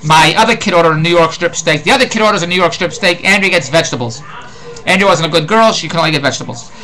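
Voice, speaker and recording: A man's voice: on the high side, racing, sharp tone, poor audio. A middle-aged man with a Philadelphia accent, ranting in a rambling, exasperated comic monologue and repeating himself. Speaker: host.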